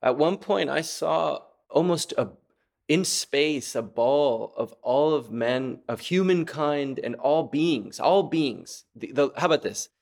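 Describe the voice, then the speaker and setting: A man's voice: a little high, animated, slow, gravelly, a little mellow. A man raised in Venezuela, a musician guest in a casual interview, talking in a rambling, reflective way that breaks off mid-thought. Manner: rambling, reflective, self-interrupting, acts out voices with laughs.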